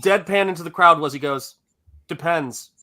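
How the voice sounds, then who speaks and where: A man's voice: on the high side, normal speed. A man chatting casually on a livestream, telling stories with enthusiasm and laughing easily. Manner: enthusiastic, animated storyteller who laughs easily. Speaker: co-host of a crowdfunding livestream. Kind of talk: casual chat. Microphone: video call.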